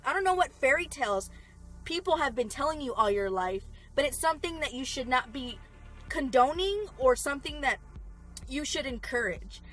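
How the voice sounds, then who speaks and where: Young woman ranting on her vlog, high voice, lots of swearing, super emphatic. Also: expressive, moderate pace, fairly bright tone, soft background music, low-quality recording. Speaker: vlogger. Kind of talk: storytime vlog.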